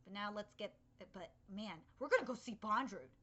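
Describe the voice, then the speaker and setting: A young woman hosting a live anime reaction, excitable and rambling, swearing freely as she comments. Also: mid-range voice, normal speed.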